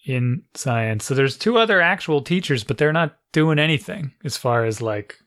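Animated, exasperated parent telling a story. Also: medium pitch, moderate pace. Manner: animated, exasperated, lots of "like" fillers. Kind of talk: casual storytelling chat.

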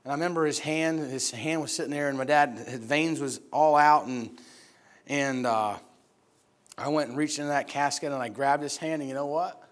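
Middle-aged man, from upstate New York, preacher, storytelling sermon, fairly high voice, acts out quotes loudly, soft for serious parts. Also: normal speed. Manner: animated, acts out voices of people in his story with loud high shouts.

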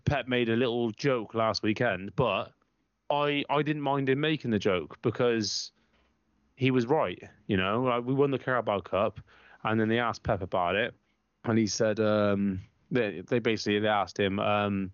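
A man with a lowish voice speaks at a moderate pace, co-hosting a football podcast. He's a fan ranting bluntly and swearing constantly in heated, casual chat. The recording is dry and slightly muffled, with a lo-fi feel and no room sound.

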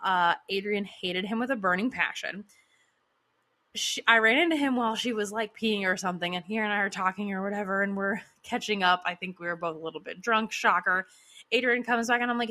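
Bright-voiced chatty woman storyteller. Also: mid-range voice, a little fast. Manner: chatty, filler-heavy, laughs often. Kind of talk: casual storytelling monologue.

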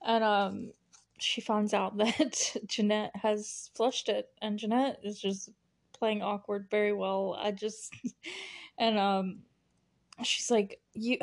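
A woman's voice: medium pitch, fairly even intonation, slow pace. Woman, young adult, solo podcast host, casual recap, rambling, giggly, many fillers.

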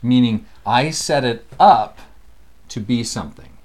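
A man co-hosting a casual scripture study, talking in a playful, animated way and laughing often. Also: medium pitch, unhurried. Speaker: co-host teaching scripture.

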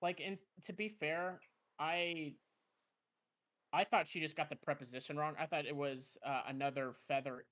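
A man's voice: a little high, fairly even intonation, moderate pace, a bit bright. A young man in a casual chat who talks loosely, trailing off with fillers and laughs. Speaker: podcast co-host.

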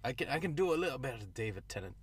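A man's voice: medium pitch, very animated, racing, husky. A man co-hosting a podcast, chatting casually and rambling, often correcting himself mid-thought. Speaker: podcast co-host. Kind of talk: casual chat.

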